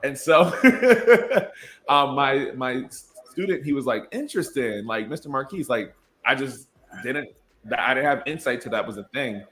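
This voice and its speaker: A man's voice: medium pitch, moderate pace, sharp tone, slight background noise. A man in his twenties, an educator and podcast guest, talking in an earnest, reflective way and laughing easily. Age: 20s. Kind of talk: casual conversation.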